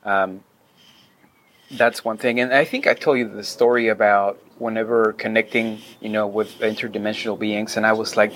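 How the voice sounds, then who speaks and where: A man's voice: fairly low pitch, level tone, moderate pace, a bit bright, low-quality recording. Rambling man guest, faint hiss. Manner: rambling, many fillers and restarts. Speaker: podcast guest. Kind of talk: casual interview chat.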